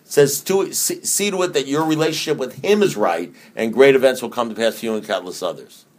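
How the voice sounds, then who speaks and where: A man speaks to a group about staying sober in an earthy, emphatic way. He circles back and repeats phrases to drive each point home. His voice sits at an everyday middle pitch. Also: expressive, a little fast. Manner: conversational, repetitive, earthy and emphatic. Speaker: recovery meeting speaker. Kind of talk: recovery talk to a group.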